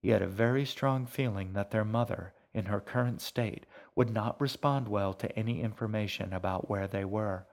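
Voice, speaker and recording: A man narrating an audiobook in a measured, hushed storytelling manner. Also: fairly low pitch. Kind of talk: scripted narration.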